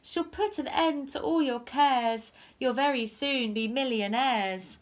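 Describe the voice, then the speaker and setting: A woman's voice: high voice, slow, voice pushed up. A woman voicing a coaxing downy duck in a storybook reading.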